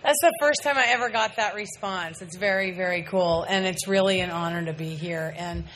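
A woman's voice: fairly low pitch, normal speed, fairly bright tone, slight background noise. A middle-aged woman giving a candid, earnest testimony talk to a large meeting audience, repeating words for emphasis. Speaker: speaker at a recovery meeting.

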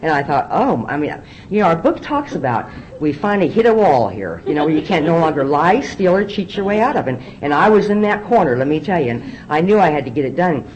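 A woman's voice: deep voice, big pitch swings, brisk, a little mellow, muffled recording, slight background noise. A middle-aged woman speaking from a podium at a recovery meeting, telling her story candidly and often repeating words as she restarts. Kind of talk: personal testimony talk.

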